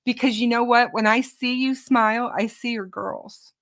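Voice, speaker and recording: Bright-voiced woman hosting a show. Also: on the high side, steady tone. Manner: warm and reassuring, speaks slowly with hesitations. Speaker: true crime channel host. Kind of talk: casual livestream chat.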